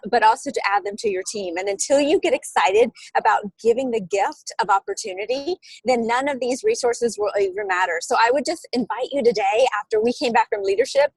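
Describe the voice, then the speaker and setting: A woman's voice: high-pitched, husky, dry recording, poor audio. An American woman giving an enthusiastic, persuasive training talk over a video call. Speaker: team leader giving training.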